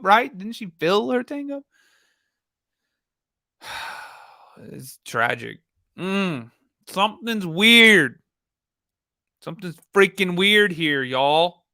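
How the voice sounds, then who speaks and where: Bright-voiced, rambling, profane stream host. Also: male voice, high voice, no room sound, studio quality. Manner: rambling, profane, addresses viewers as y'all. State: tired. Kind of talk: casual live commentary.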